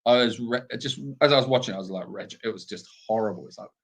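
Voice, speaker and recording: Talking fast in a lowish voice, this British co-host rambles through a casual live Q&A broadcast from an animal sanctuary. His speech is peppered with filler words and false starts.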